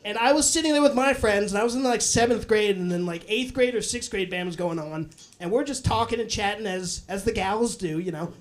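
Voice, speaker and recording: High-voiced young man doing stand-up. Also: a little fast. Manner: loose, profane storytelling with bursts of acted voices. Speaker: stand-up comedian. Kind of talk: live stand-up set.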